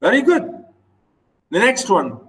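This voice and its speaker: High-voiced, slow-talking male teacher. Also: huge pitch swings, rough recording. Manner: patient, repeats and chants stress patterns. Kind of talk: online literature lesson.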